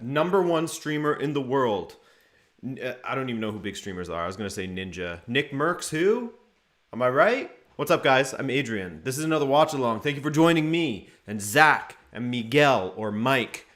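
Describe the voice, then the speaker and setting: A man's voice: mid-range voice, lively intonation, normal speed, a bit bright. A man hosting a live football watchalong stream, chatting casually, going over lineups and greeting viewers from the chat by name.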